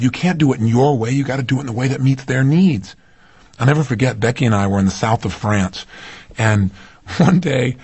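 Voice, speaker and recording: A man with a husky, slightly rough voice delivers a motivational seminar talk. He speaks emphatically and keeps turning to the audience with rhetorical questions. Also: mid-range voice.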